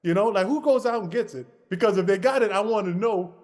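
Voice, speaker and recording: A man co-hosting a podcast, telling a lively basketball anecdote and acting out the dialogue. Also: high voice, fast, long reverb tail. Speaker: podcast co-host. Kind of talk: casual storytelling.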